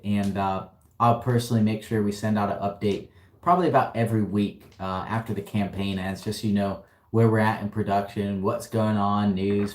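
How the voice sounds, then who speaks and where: Speaking from an echoey warehouse, a man with a lowish, slightly mellow voice runs a relaxed livestream Q&A. He's upbeat and slangy, laughs a lot, and reads out viewers' questions before answering them.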